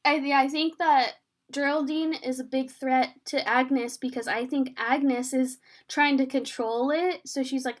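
A young woman with a high, light voice talks through a TV episode with a friend. She acts out each character's lines as she goes. Her speech is loose and chatty, with plenty of fillers. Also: normal speed. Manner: excited, filler-heavy retelling, acts out the scenes in quoted voices. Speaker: podcast co-host recapping a TV episode. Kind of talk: casual chat.

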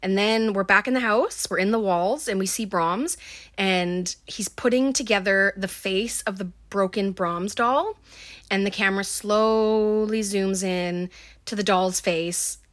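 A woman's voice: medium pitch, measured pace, fairly bright tone. A woman talks through a movie plot in a loose, casual way. She leans heavily on fillers like "um" and "like" as she goes. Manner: filler-heavy, lots of um and like. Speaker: film recap host.

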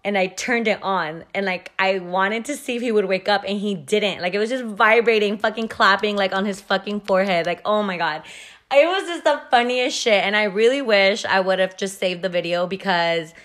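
On her podcast, this host tells a casual story in a chatty, profane way, leaning heavily on "like." Her voice is medium-pitched and fairly bright, and she speaks at a moderate pace.

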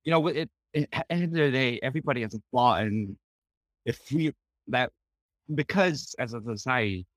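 A man talks sincerely as a podcast guest, often stopping and restarting his sentences. His voice is mid-pitched and recorded dry and close. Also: no echo. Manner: halting, many restarts and fillers, sincere. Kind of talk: conversational interview.

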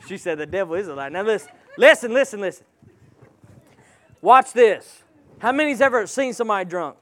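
High-pitched emphatic man preaching. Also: animated, a little fast, fairly bright tone. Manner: emphatic, calls out to the congregation. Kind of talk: sermon.

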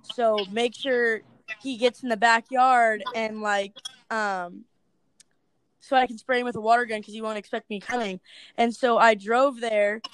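Young woman guest, high voice, chatty storyteller who laughs a lot, close dry sound. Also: measured pace, clean tone, no room sound, low-quality recording. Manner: chatty, laughs often, animated quoting. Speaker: interviewee, video creator. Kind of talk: casual interview storytelling.

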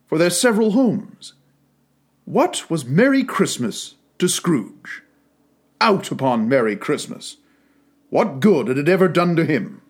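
A male narrator reading a classic storybook, his pitch somewhat high for a man and swinging animatedly through each sentence. He takes his time and leans into the drama of the prose. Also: slightly rough.

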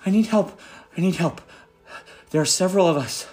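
A man's voice: sits high, brisk, darkish tone, voice pushed up, lightly acted. A man voicing a frantic young male gnome who pleads for help in a breathless, repetitive rush. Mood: desperate. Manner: breathless, pleading, repeats himself.

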